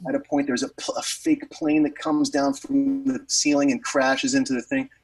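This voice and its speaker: Husky guy rambling thru a story, lots of um and like, bit far off the mic. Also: medium pitch, big pitch swings, normal speed. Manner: rambling, many fillers and restarts. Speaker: guest musician telling a story. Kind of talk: casual storytelling.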